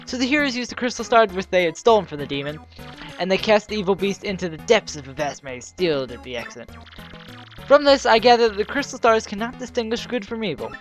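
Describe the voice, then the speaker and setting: A woman voicing an earnest male scholar, reading game dialogue aloud in a steady way. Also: medium pitch, fast talker, soft background music, natural voice. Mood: explaining. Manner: steady read-aloud delivery. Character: earnest male scholar explaining ancient lore.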